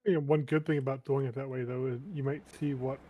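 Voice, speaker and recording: A relaxed man joins the conversation as a co-host, adding practical remarks in a casual tone. His voice sits at an ordinary pitch for a man. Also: brisk, muffled recording, slight background noise. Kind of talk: casual chat.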